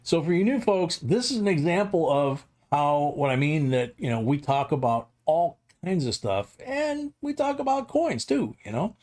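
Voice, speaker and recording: A man's voice: on the high side, very animated, moderate pace, hardly any pauses, darkish tone. A middle-aged man hosting a livestream, rambling through a casual anecdote with chuckles. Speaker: livestream host.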